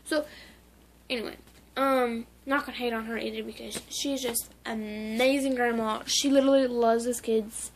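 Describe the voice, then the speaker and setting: A woman's voice: fairly high pitch, fairly even intonation, moderate pace, slight background noise. A woman talking casually in a memorial vlog, rambling with lots of "like" and restarts. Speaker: vlogger.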